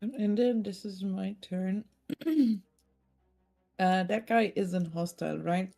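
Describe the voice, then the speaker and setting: Slow, gravelly woman player. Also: medium pitch, warm tone. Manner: hesitant, thinks aloud. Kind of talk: casual tabletop play.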